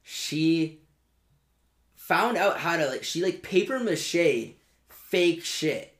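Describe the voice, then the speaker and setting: A young man chatting on a podcast in a fairly high voice. He tells stories with energy, acts out what people said, and laughs often. The room sounds echoey. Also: drawn-out words. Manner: animated storyteller, acts out quotes, laughs often. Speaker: podcast co-host. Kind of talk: casual chat.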